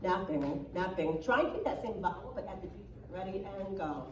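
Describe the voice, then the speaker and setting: In an echoey hall with a distant mic and a noisy background, a soprano choir clinician critiques a rehearsal. Her mid-range voice is brisk and lively as she chats, encourages the singers, and keeps checking in with "right?".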